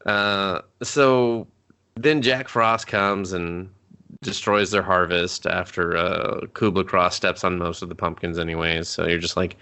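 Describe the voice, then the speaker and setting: A man's voice: low voice, measured pace, pushed and bright. A man co-hosting a casual movie review show, swearing a lot, mocking and laughing often. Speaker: podcast co-host.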